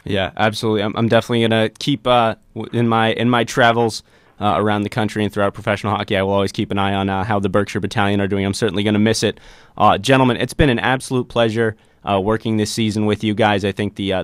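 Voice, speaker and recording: Low-voiced man hosting a dry studio podcast. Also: fast talker, clean tone, no echo. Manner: warm, reflective, self-described emotional guy. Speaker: podcast host. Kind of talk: casual chat. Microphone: studio microphone.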